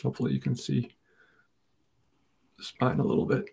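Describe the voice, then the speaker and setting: A man's voice: medium pitch, completely flat delivery, normal speed, vocal fry, darkish tone, husky. A man hosting a casual live comic book auction, rambling and self-deprecating, joking as he goes. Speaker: comic shop auction host.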